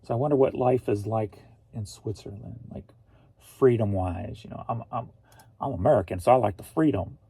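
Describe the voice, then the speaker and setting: A man's voice: lowish voice, moderate pace, creaky, mellow, slightly rough, no room sound. A man from St. Louis, Missouri, a reseller vlogger chatting casually in a rambling, jokey way. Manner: rambling and jokey, laughs often. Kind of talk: casual chat.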